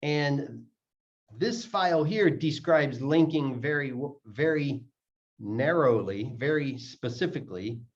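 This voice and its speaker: A man's voice: medium pitch, expressive. A man teaching English pronunciation, explaining step by step and repeating words to show how they link. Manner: repeats words slowly to demonstrate sounds. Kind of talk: explaining lesson, slow and deliberate. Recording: dull lo-fi audio.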